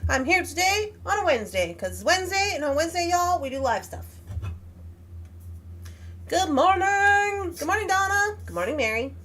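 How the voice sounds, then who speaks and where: Host: woman, chatty, animated, fairly high voice, casual craft stream. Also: fast talker. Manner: chatty, animated, talks to her pet and viewers. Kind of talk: casual live craft tutorial.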